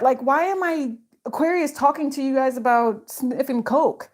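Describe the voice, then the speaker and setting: A woman's voice: high voice, normal speed, darkish tone. A middle-aged woman giving a casual, rambling psychic tarot reading, full of fillers and self-interruptions.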